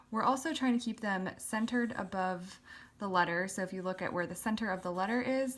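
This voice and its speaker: A woman with a fairly low voice walks through a calligraphy lesson. She explains each stroke patiently and pauses now and then on an "um" as she works. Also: fairly bright tone. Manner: patient, explanatory, with frequent fillers. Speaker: calligraphy teacher. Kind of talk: step-by-step tutorial explanation.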